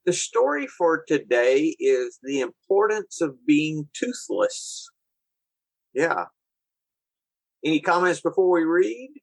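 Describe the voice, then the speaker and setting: Polite man hosting, fairly high, dry. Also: animated, unhurried, no echo, poor audio. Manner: polite and brief, says ma'am. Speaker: podcast host. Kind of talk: hosting a discussion.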